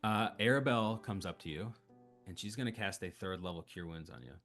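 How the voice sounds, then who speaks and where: Young male game master, low, unhurried, hesitant delivery, faint music under. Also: a bit bright. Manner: slow, hesitant narration with many fillers. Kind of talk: narrating a tabletop game.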